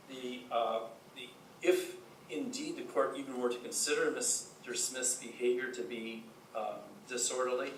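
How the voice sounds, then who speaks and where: A man giving a courtroom closing argument as defense attorney, halting, with many fillers and restarts. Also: mid-range voice, slight background noise. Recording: roomy courtroom audio from a distance.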